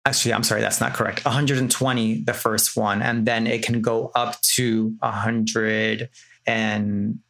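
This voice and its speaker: Gravelly-voiced man explaining plainly. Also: lowish voice, flat delivery, a little slow, fairly bright tone. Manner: explanatory, self-correcting. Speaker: clinical trial participant. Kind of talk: casual podcast conversation.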